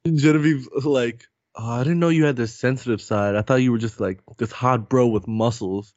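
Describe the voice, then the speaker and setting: An upbeat young man moves a casual podcast chat along with bro-ish energy. His pitch sits in the middle. The sound is dry and close, with slightly dull lo-fi quality. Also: brisk, a little mellow, no room sound. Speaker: podcast co-host steering segments. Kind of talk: casual chat recapping a reality show.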